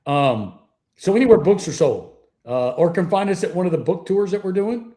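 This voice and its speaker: A man's voice: sits high, animated, moderate pace, mellow. A middle-aged man, a retired police officer telling profane anecdotes as a guest on a call-in interview. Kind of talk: casual storytelling interview.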